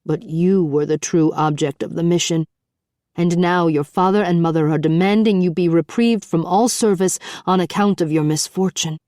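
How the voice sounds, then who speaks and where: A woman narrator voicing a somber ship captain in a spoken storybook, soft and apologetic. His voice is low and mellow, with a dry, close sound. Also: fairly even intonation, normal speed, dry recording, close to an everyday voice. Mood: somber, hushed. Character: grave, ashamed male ship captain, middle-aged.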